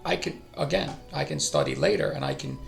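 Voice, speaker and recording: A man's voice: medium pitch, wildly swooping pitch, a little fast, vocal fry, faint music behind. A middle-aged man hosting a language-learning stream, talking casually and thinking aloud, often trailing off and restarting. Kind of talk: casual live-stream talk.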